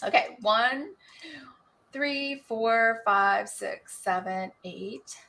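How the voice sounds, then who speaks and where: A woman hosting an online book club chat, talking casually and quickly, laughing often. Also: fairly high pitch, creaky, sharp tone.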